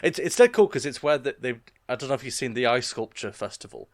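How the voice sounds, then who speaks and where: A man chats easily as a podcast co-host, laying out strange facts in a loose, conversational way. His voice sits at an ordinary middle pitch. It is recorded close and dry, with no room sound around it. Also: fast talker, no room sound. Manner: chatty, relaxed storyteller reading out odd facts. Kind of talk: casual chat.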